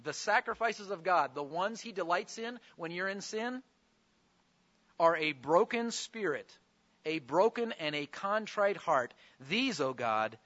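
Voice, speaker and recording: A man's voice: on the high side, sharp tone, dull audio. A man preaching a sermon, explaining scripture with earnest, pleading emphasis.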